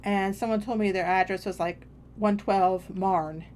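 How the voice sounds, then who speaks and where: A woman's voice: mid-range voice, little pitch movement, normal speed, a little mellow, a little hiss or hum. Woman streamer just rambling on while she plays, kinda self-deprecating, faint keyboard clicks behind. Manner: chatty, meandering, self-deprecating. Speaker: game streamer. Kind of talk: casual rambling chat while gaming.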